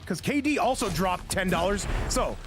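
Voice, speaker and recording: A man hosting a live esports tournament stream, commentating excitedly and often shouting, talking quickly until he runs out of breath. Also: high voice. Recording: loud game music behind.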